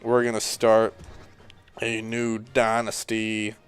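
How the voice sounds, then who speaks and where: A man's voice: on the low side, monotone, slow, clean tone. A tired man talking casually as a gaming YouTuber, rambling and thinking aloud while clicking through game menus. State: tired and yawning. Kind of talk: casual gameplay commentary.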